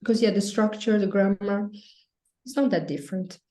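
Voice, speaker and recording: A woman's voice: mid-range voice, moderate pace. Italian woman in an echoey room. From Italy. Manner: lively, laughs often, short phrases. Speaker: guest language teacher. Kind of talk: casual video chat.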